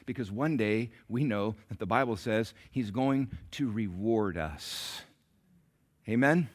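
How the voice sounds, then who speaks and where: A man preaching a sermon in a church, telling a story dramatically and swinging from hushed to loud. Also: fairly low pitch, measured pace. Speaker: pastor. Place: church sanctuary.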